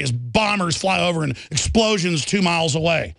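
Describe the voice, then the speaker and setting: A man's voice: fairly high pitch, lively intonation, normal speed, gravelly, hardly any pauses, fairly bright tone, no echo. A male radio talk show host delivering a fiery, combative political monologue in a heated, ranting manner.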